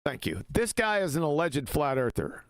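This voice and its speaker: Mocking, animated man with higher voice. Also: no echo. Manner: mocking, laughs often, quick asides. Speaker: co-host. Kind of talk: casual live-stream chat.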